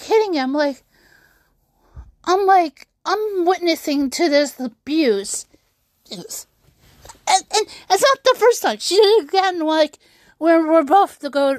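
A woman's voice: high voice, no room sound. A young woman telling an upsetting personal story on her vlog, rambling with many restarts and fillers. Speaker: YouTuber.

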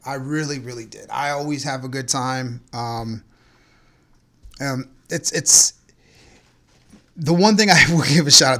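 Male podcast host, casual chat, profane, incredulous, mid-pitched voice. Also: a bit bright.

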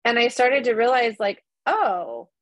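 Woman in her 30s on a podcast, chatty and animated, lots of "like", dry close sound. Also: on the high side, a little slow, no room sound. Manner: chatty, animated storytelling with many fillers. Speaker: podcast guest. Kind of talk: casual chat.

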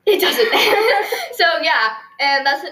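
A woman's voice: very high-pitched, sing-song, very slow, echoey room, a crowd in the background, poor audio. A teenage girl hosting a podcast, telling stories in a giggly, rambling way with lots of fillers. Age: teens. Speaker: podcast host. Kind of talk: casual storytelling chat.

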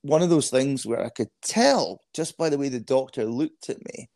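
A man's voice: mid-range voice, expressive, moderate pace, darkish tone, dry recording. A man in his thirties with a Scottish accent, a guest telling frank, self-deprecating stories in a casual interview. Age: 30s.

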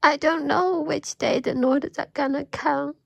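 Very high-pitched, tearful, pleading woman. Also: steady tone, measured pace, vocal fry, a bit bright, no echo, low-quality recording. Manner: tearful, pleading, often dropping to a whisper. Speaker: Christian believer giving testimony. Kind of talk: emotional prayer and testimony.

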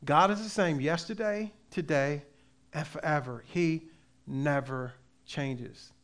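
A man preaching a sermon as pastor, with emphatic delivery that swings between loud and soft and slow readings of scripture. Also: on the high side. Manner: reads scripture aloud slowly.

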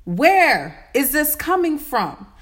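A woman's voice: high voice, very animated, slow pace, fairly bright tone. A woman in her late twenties giving a motivational self-healing talk in repeated, affirming phrases. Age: 20s. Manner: repetitive, affirming, incantatory. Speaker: spiritual vlogger.

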